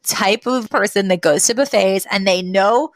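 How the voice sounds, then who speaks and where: A woman's voice: mid-range voice, moderate pace, dry recording. A woman co-hosting a podcast, recapping an episode in casual chat and acting out the quotes as she laughs along. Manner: lively storyteller who acts out quotes and laughs often. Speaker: podcast co-host.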